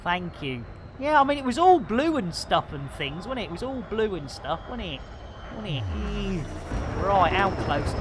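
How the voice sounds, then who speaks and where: A woman streaming a space game, chatting excitedly to her guests, often laughing and exclaiming at her own mistakes. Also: medium pitch, normal speed, background noise. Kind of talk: live gameplay commentary.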